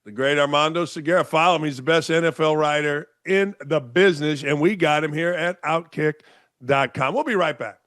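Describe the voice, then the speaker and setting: A male talk show host rants with sarcasm, firing off rhetorical questions. His voice sits a bit high for a man. The room sound is dry and close. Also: brisk, a bit bright, no room sound. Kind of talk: opinionated commentary monologue. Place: home studio in Florida.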